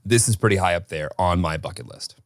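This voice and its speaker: A man's voice: low voice, fairly quick, no echo. A man co-hosting a podcast in casual chat, dry and teasing. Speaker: podcast co-host.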